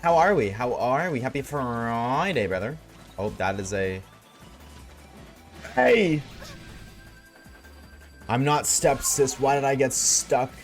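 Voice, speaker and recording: A man's voice: medium pitch, lively intonation, unhurried, faint music behind. A man streaming a game and chatting casually with his viewers, laid-back and slangy, reading chat aloud.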